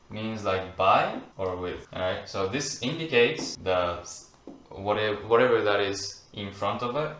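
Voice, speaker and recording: A man with a Japanese accent explaining points patiently in an online lesson, repeating phrases slowly for learners. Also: fairly low pitch, fairly bright tone. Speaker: Japanese language teacher. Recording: echoey room with faint noise.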